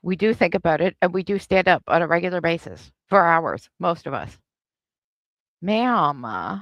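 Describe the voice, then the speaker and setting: A woman's voice: fairly low pitch, expressive, moderate pace, creaky, fairly bright tone, no echo. A woman hosting a live reaction stream, giving sarcastic, snarky commentary.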